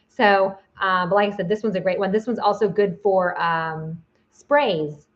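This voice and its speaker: A woman's voice: mid-range voice, lo-fi sound. A woman giving a casual video lesson as a psychic teacher, chatty, with many fillers and restarts.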